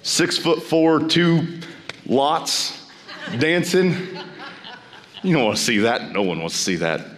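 A pastor preaching a sermon, emphatic and repeating phrases, his voice climbing high when he exhorts. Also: sing-song, takes it slowly, pauses often, a bit bright.

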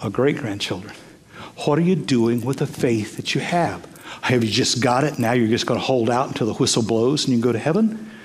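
An older man preaching a sermon as pastor, emphatic, swinging from loud bursts to hushed near-whispers. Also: mid-range voice, brisk.

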